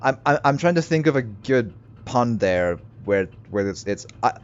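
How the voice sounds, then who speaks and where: A man's voice: medium pitch, moderate pace. A man commenting while playing a game, rambling in stammering, joking asides. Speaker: game streamer. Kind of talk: let's play commentary. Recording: slightly muffled, steady hiss behind.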